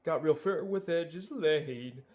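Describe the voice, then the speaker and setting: A man's voice: fairly high pitch, slow, darkish tone. A man voicing a swaggering male cartoon bear, rapping and singing in a put-on accent. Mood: brooding. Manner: rhythmic rap delivery in a put-on accent. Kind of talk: sung and rapped musical number.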